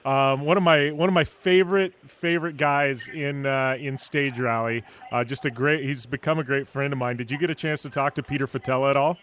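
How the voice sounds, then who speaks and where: A man's voice: medium pitch, steady tone, brisk, hardly any pauses, fairly bright tone, slight background noise. A man hosting a motorsport radio show, casually telling stories and chatting with a guest. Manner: chatty anecdotal storyteller. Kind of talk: casual chat.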